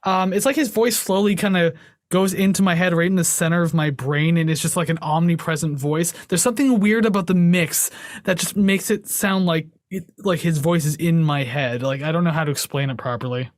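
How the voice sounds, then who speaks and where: Rambling young man, higher voice, dry sound. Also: fairly even intonation, brisk, dry recording. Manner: rambling, filler-heavy, laughs often. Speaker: podcast co-host. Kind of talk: casual chat.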